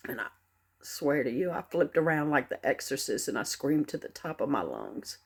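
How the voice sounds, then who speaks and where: Husky-voiced middle-aged woman, earnest storytelling. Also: low voice, very animated, normal speed. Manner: earnest, emotional, pleading. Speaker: grieving mother telling her story. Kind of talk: personal storytelling and poem recitation.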